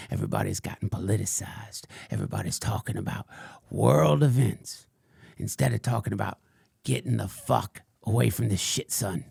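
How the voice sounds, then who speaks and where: A man's voice: fairly low pitch, creaky, darkish tone, breathy edge, no room sound, voice pushed down, heavily acted. A man voicing an unhinged male conspiracy crank who rambles through a crude, mock-solemn tirade in a comedic character monologue.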